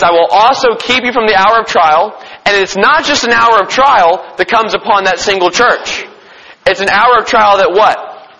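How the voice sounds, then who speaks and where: High bright man teaching scripture. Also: long reverb tail, dull audio. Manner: asks the audience questions and answers them; reads scripture slowly and deliberately. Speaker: preacher teaching a Bible study. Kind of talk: Bible teaching.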